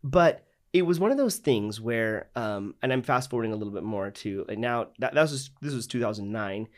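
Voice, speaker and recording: Chatty man telling animated stories. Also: mid-range voice, normal speed. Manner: animated, lots of "like" and quoted dialogue. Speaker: podcast host. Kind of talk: casual storytelling.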